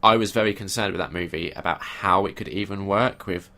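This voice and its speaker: Laid-back man, low voice. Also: brisk, sharp tone. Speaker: podcast co-host. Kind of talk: casual film discussion.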